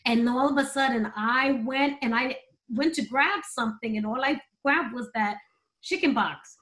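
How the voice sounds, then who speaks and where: High-voiced woman telling candid stories. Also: normal speed. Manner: animated, laughs between stories. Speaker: guest. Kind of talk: candid storytelling interview.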